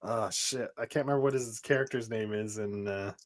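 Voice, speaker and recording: A man's voice: lowish voice, a little fast. A man chatting casually on a livestream, opinionated and fumbling for names.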